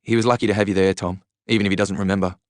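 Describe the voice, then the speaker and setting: A man reading a novel aloud, voicing a concerned young friend who asks gentle, probing questions. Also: fairly low pitch, flat delivery, very fast, dry recording, clean studio sound, close to an everyday voice.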